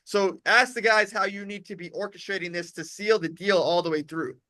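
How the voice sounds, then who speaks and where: Bright, blunt male dating coach. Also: sits high, steady tone, no room sound. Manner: blunt, rapid, swears freely. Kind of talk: casual coaching chat.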